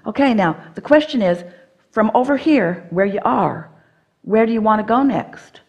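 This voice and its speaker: A woman's voice: medium pitch, lively intonation, moderate pace, darkish tone, muffled recording. Woman coaching an audience member live. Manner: coaching, firm and playful. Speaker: seminar speaker answering an audience member. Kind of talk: live seminar teaching, speaking as "we".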